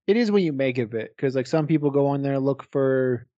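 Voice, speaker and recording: A man's voice: mid-range voice, expressive, a little fast, dark tone, dry recording, highs cut off. A man co-hosting a podcast, talking frankly and rambling in casual chat. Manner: rambling, frank, loose with swearing. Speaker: podcast co-host.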